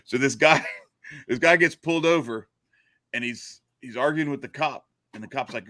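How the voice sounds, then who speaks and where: A man's voice: mid-range voice, moderate pace, pauses often, pushed and bright, no echo, studio quality. A man from Louisiana with a Cajun accent, hosting a casual podcast chat as a loose, joking storyteller. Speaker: podcast host.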